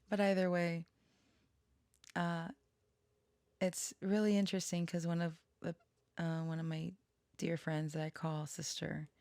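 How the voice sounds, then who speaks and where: A woman's voice: on the low side, creaky, a little mellow, clean tone, no room sound, studio quality. A woman hosting a tarot channel, chatting casually and tenderly, rambling and laughing often. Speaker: tarot reader and channel host. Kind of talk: casual personal chat.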